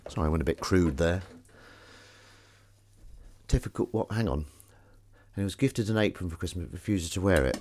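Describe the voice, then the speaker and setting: On a live stream, a host washes the dishes while chatting casually in a low, slightly mellow voice at normal speed, pausing often. He rambles, jokes, mocks himself, and lets the odd swear word slip.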